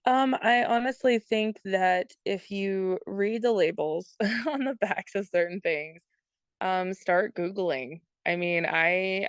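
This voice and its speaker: A woman with a low, slightly gravelly voice that stays smooth and clear. She talks earnestly as a podcast guest, explaining at length and filling pauses with ums. The recording is dry and close. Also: no echo. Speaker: guest, product consultant. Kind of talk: casual interview talk.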